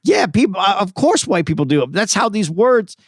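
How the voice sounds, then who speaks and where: A man's voice: high-pitched, very animated, normal speed, husky, no echo, studio quality. A man co-hosting a podcast, telling stories in casual chat with frequent restarts. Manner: reflective storytelling, many restarts. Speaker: podcast co-host.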